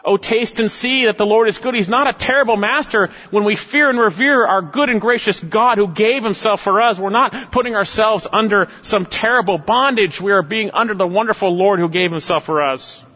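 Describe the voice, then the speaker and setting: Man, pastor, sermon, fairly high voice, emphatic, long hall reverb, dull lo-fi sound. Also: a little fast, few pauses. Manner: emphatic preaching, swinging between raised exhortation and low, quiet asides.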